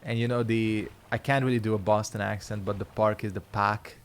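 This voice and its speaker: A man's voice: on the low side, fairly even intonation, a little fast, slight background noise. A man chatting casually while streaming a game, rambling and swearing freely. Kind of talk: casual gameplay commentary.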